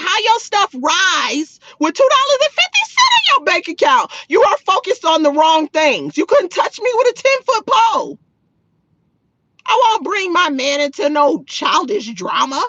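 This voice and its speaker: A woman's voice: very high-pitched, bright, forceful tone, no echo, muffled recording. A woman hosting a livestream in a sassy, mocking way, talking to her chat. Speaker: livestream host. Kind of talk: livestream chat reacting to viewers.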